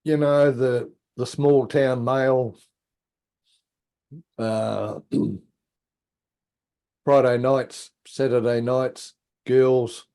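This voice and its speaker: Mellow-voiced New man telling stories. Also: extremely slow, pauses often, clean tone. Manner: animated, acts out quotes, drops to low asides. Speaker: guest. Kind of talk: casual storytelling.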